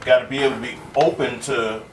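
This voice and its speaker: A man speaking earnestly as a guest in a casual panel discussion, measured and full of fillers. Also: medium pitch, fairly even intonation, far from the mic. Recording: roomy and noisy, away from the mic.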